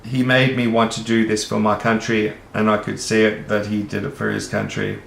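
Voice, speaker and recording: An Australian man talks on at length in a low, flat, gravelly voice, earnest and rambling, with casual swearing. The room around him sounds echoey. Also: normal speed, a little hiss or hum. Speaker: vlogger. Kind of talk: rambling monologue to camera. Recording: roomy echo.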